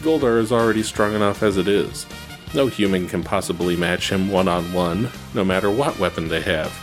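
A tense young male hero doubts what he sees in a spoken story. The voice stays low and close to the reader's own, a man voicing him. Faint music is heard behind. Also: moderate pace, lightly acted. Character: anxious young male hero, Ranger leader.

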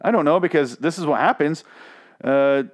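A man's voice: a little high, normal speed. A man casually recapping and ranting, sarcastic and exasperated, swearing freely. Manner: sarcastic, profane, exasperated storytelling.

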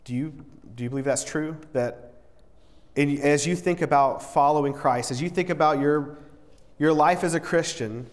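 A man's voice: on the high side, normal speed. A man preaching a sermon in an earnest, conversational way, often repeating words and restarting his sentences. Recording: long reverb in a large hall.

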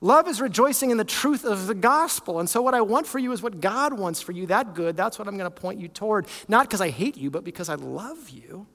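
A high-pitched male pastor preaching in an earnest, conversational manner and stumbling into restarts now and then. His voice rings out with a long reverb through a church hall. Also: animated, a little fast, hardly any pauses, a bit bright. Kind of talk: sermon.

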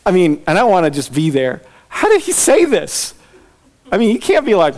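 A man's voice: sits high, very animated, brisk, darkish tone. A man preaching a sermon, reading scripture aloud and acting out the characters' voices with laughter. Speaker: pastor.

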